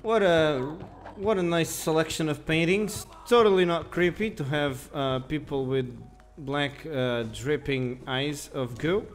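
A man's voice: on the high side, a little slow, hardly any pauses, faint music behind. A young man giving casual commentary while playing a game, grumbling, swearing and mocking himself. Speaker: gaming channel host.

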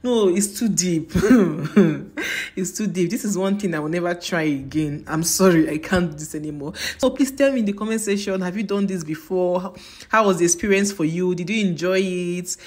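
A woman's voice: on the low side, moderate pace, darkish tone. A woman, retelling her experience in a casual vlog with dramatic, emphatic repetition. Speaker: travel vlogger.

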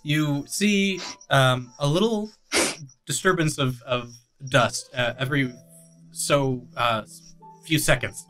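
A game master narrating a tabletop game in a halting way, full of pauses and restarts. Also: mid-range voice, music in the background.

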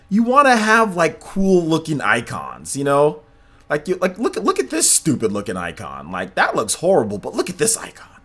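A man streaming gameplay live, talking to his chat in an animated, repetitive way. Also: medium pitch, a little fast, breathy edge, faint music behind. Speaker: gaming livestreamer.

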